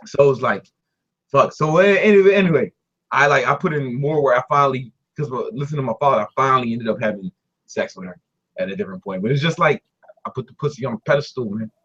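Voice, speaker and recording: A young man telling a story in casual talk, animated and laughing, doing voices for the people in it. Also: medium pitch, fast, slightly rough, muffled recording. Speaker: guest storyteller.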